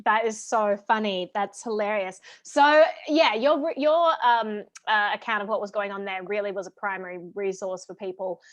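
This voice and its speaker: A woman hosting a casual interview, animated and playful, laughing easily. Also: medium pitch, normal speed, few pauses, dry recording. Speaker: host. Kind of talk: casual chat.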